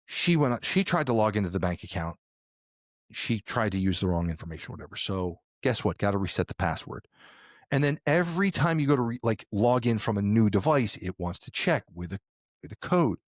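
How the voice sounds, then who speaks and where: A man co-hosting a podcast, telling a story in casual chat, animated and laughing often. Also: on the low side, a little fast, no echo, clean studio sound. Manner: animated, laughing, swings into quoted voices. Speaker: podcast co-host.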